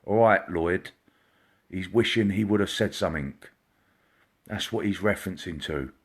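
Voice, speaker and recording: On his live stream, this psychic medium chats warmly and welcomes viewers by name, at times dropping to a soft murmur. He has a low voice with a breathy edge and a moderate pace, recorded on a computer or phone mic.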